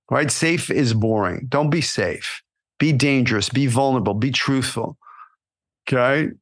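Guy coaching actors on his podcast, pumped up, keeps saying right? and you know, mid-pitch voice. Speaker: podcast host and acting coach. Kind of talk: motivational podcast monologue.

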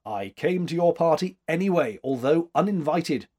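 A man's voice: a little high, expressive, normal speed, a little mellow, pitched above the performer's own voice. A man voicing a plain-spoken working man. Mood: friendly.

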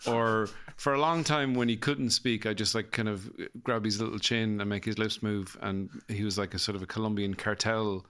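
Rambling Irish man with a bright voice. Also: lowish voice, fairly even intonation, normal speed, hardly any pauses, smooth. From Ireland. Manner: rambling, self-mocking, laughs at his own jokes. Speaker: comedian and podcast host. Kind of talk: casual comedic chat.

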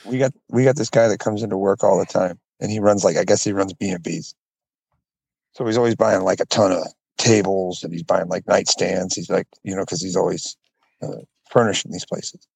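A man's voice: low-pitched, fairly even intonation, fairly quick, gravelly, a little mellow, breathy edge, no echo. A man co-hosting a podcast, telling a story in laid-back casual chat and swearing now and then. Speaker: podcast co-host.

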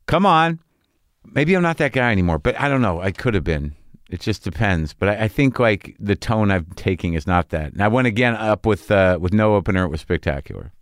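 A man's voice: on the low side, animated, a little fast, no room sound, clean studio sound. A middle-aged man hosting a podcast, talking through a rambling, profane casual monologue full of restarts and trailing thoughts. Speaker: podcast host.

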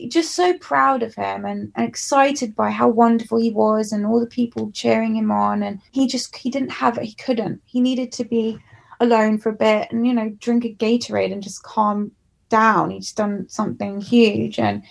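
A woman's voice: on the high side, fairly even intonation, normal speed, vocal fry. A young English woman, a musician, telling a candid and emotional story from her childhood in an interview. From England. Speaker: musician guest.

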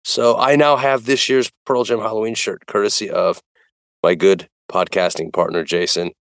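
A man's voice: lowish voice, steady tone, normal speed, gravelly, no echo, clean studio sound. A man co-hosting a podcast in casual chat, teasing his partner and often repeating words as he talks. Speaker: podcast co-host.

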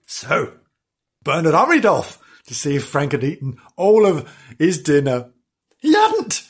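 A man's voice: fairly high pitch, animated, measured pace, breathy edge. A man reading a children's story aloud as a comedy host, breaking off for mocking asides.

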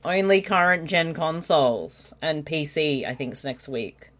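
Excitable, swearing female co-host. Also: sits low, measured pace. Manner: blunt, swears freely, excitable. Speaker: podcast co-host. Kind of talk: casual movie commentary chat.

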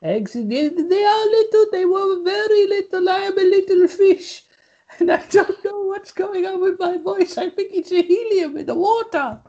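Woman doing a squeaky little pet piranha. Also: moderate pace, warm tone. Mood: cheeky. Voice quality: high helium-like squeak. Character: small male pet piranha, squeaky and chirpy. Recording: dull lo-fi sound.

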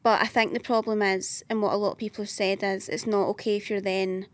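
A woman's voice: medium pitch, level tone, a little fast. A young woman, co-hosting a casual podcast chat, frank and thinking aloud. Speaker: podcast co-host.

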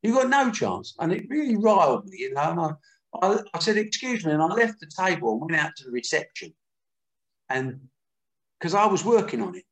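A man's voice: a little high, big pitch swings, a little fast, echoey room. An older man telling candid, earthy stories as a guest in an interview. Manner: candid, earthy, acts out quotes. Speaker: boxing promoter. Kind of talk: anecdotal interview storytelling.

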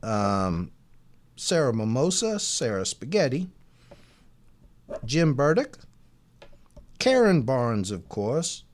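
A man co-hosting a podcast in casual chat, teasing his partner and drawing out name shout-outs. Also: medium pitch, sing-song, slow pace, long pauses, a little hiss or hum. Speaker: podcast co-host.

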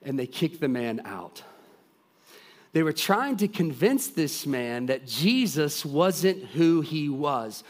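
A man preaching a sermon, retelling a story with lively acted-out voices and dropping to quiet, earnest intensity. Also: fairly high pitch, takes it slowly. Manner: animated storytelling, acting out voices of characters; drops to soft, quiet intensity.

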